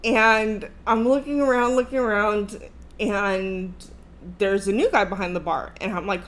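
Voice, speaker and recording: A woman in her thirties hosting a livestream, telling a story in a casual, animated, profane way and laughing along the way. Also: mid-range voice, unhurried. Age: 30s. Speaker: livestream host.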